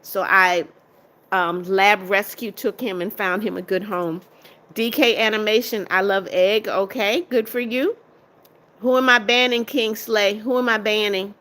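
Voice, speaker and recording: A woman's voice: mid-range voice, steady tone, a little slow, fairly bright tone. A middle-aged American woman hosting a casual live stream, chatting as she reads out viewer comments and answers each one. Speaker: livestream host reading viewer comments.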